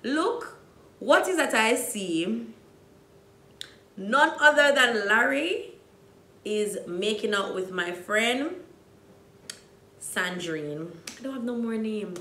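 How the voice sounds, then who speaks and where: A young Jamaican woman with a Jamaican accent, telling a dramatic storytime, dropping to hushed asides and rising to loud outbursts. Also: fairly high pitch, animated, slow pace, pauses often, roomy sound. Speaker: vlogger. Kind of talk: storytime vlog.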